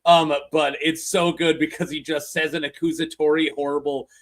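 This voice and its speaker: A man's voice: fairly high pitch, level tone, moderate pace, a bit bright. A man hosting a livestream, chatting casually and laughing while he tells jokes. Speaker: livestream host. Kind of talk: casual chat.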